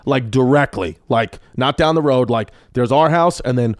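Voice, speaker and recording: A man in his thirties, a comedian guest on a podcast, telling stories in a casual, animated and profane way. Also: medium pitch, moderate pace, no room sound, clean studio sound. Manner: animated, profane, loose with fillers. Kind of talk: casual storytelling.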